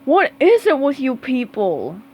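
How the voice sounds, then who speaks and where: A woman's voice: sits high, wildly swooping pitch, measured pace, darkish tone, slightly rough, full character voice. Squidward, a woman voicing a grumpy bossy squid coach. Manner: bossy, barking orders. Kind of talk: storybook read-aloud.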